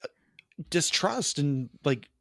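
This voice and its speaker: A man co-hosting a podcast, rambling through a movie plot with quick asides and laughs. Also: fairly high pitch, sing-song, creaky, dry recording, studio quality. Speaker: podcast co-host. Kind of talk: casual movie review chat.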